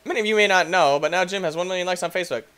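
A young man giving excitable let's-play commentary as a gaming YouTuber, yelping and shrieking when things go wrong. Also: high voice, very fast, clean tone. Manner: excitable, yelps and shrieks at in-game deaths.

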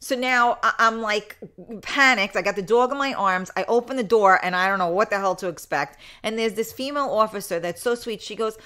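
A woman's voice: medium pitch, fairly quick, pushed and bright, smooth. A woman hosting a live solo talk show, telling a story in a chatty, blunt way, swearing freely and laughing often.

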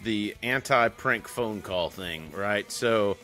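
A man's voice: fairly low pitch, slow, faint music behind. A man co-hosting a casual podcast, telling stories with lots of laughs and swearing. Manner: animated storytelling, swears freely, laughs often. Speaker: podcast co-host. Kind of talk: casual chat.

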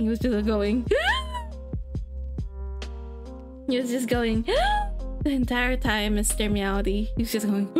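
A woman streamer chats to her viewers in an unhurried, drawn-out way, her voice sitting a little high for a woman. She rambles, giggles and trails off mid-sentence while adjusting her settings, with soft music playing faintly behind her. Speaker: live streamer. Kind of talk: casual live-stream chat with viewers.

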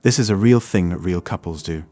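A man's voice: low-pitched, fairly quick, dark tone, no room sound, faint music behind, lightly acted. A man voicing a restless, pleading young wife. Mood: defensive. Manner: earnest, pleading, defensive. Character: restless young wife pushing an open marriage.

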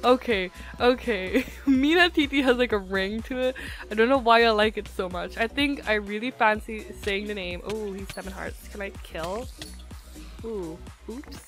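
A woman's voice: medium pitch, moderate pace, faint music behind. A young woman giving casual gameplay commentary, hyper and giggly, slightly altered pronunciation from a retainer. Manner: hyper, giggly, excitable, swings between loud shrieks and muttering. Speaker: gaming YouTuber. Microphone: desktop mic, no face cam.

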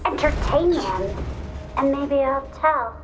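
An actress voicing a sinister female game villain who taunts slowly in a mocking, sing-song way, heard from game audio. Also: sits high, expressive. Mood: taunting. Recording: game audio with reverb and music.

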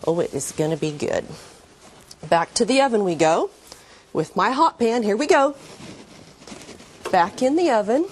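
A woman's voice: medium pitch, lively intonation, measured pace, long pauses, a little hiss or hum. An older woman hosting a TV cooking demonstration, talking in a gushing, homey, cheerful way in a kitchen set. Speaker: cooking show host.

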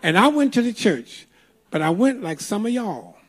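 A man's voice: high-pitched, very animated, moderate pace, breathy edge. An older man preaching a sermon in a church, telling a folksy story with emphatic, playful delivery. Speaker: pastor. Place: church sanctuary.

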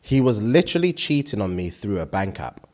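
A man's voice: fairly low pitch, very animated, a little fast, a little mellow. A man, co-hosting a casual podcast, reading comments aloud and laughing often. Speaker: podcast co-host.

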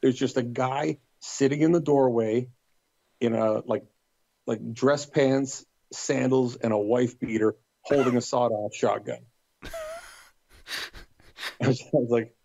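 A man spins a casual anecdote as a podcast guest, acting out what others said. His voice is gravelly and warm. The recording sounds dull and dry, with a lo-fi edge. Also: medium pitch, unhurried, long pauses, dry recording. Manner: lively storyteller, acts out quotes. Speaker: podcast guest telling a story.

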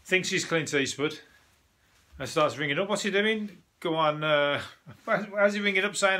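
A man's voice: a little high, animated, normal speed, pushed and bright. A man, a comedian hosting a news review, rambling in casual monologue with frequent restarts and swearing.

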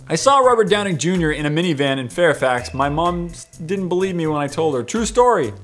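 A young man reading viewer comments aloud to the camera, animated and jumping up in pitch for outbursts.

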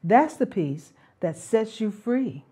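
A middle-aged woman speaking about parenting as a spiritual calling. She talks unhurriedly, her voice dark and mellow. Her tone stays earnest and reflective, with the odd soft laugh. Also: mid-range voice, animated, slow pace, breathy edge. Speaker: parenting talk host.

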